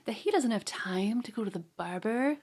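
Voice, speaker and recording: A woman's voice: on the high side, animated, normal speed, a little mellow. A woman co-hosting a film podcast, explaining details from her prepared notes in casual chat. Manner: brings prepared notes, explains facts plainly. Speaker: podcast co-host.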